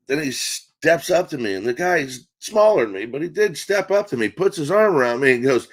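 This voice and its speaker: A middle-aged man telling a long comic story on a talk show, swearing freely and acting out quotes in a deadpan way. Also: mid-range voice, brisk, hardly any pauses, slightly rough. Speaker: comedian guest. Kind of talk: profane storytelling.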